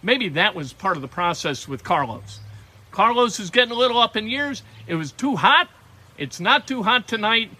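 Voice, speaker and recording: A man hosting sports talk, giving emphatic opinions in a quick, conversational way. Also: high voice, animated, bright, forceful tone. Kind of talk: sports radio commentary.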